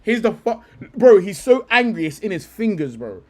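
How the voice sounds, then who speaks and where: Excitable young man laughing as he streams. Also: sits high, normal speed. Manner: excitable, laughing, swearing, talks in bursts. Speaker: streamer reacting to clips. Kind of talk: casual live-stream chat.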